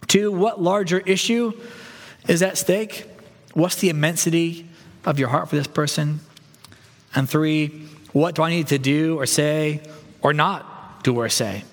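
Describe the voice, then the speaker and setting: A man delivers a sermon as pastor, his voice sitting a touch higher than most men's. He talks in an earnest, reflective and gentle way. His words ring out with the long reverb of a church hall. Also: moderate pace.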